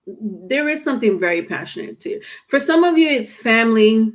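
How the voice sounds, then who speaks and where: A woman's voice: on the high side, animated, normal speed. A woman giving a casual live tarot reading, talking chattily and teasing her viewers, breaking into laughter often. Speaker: tarot reader.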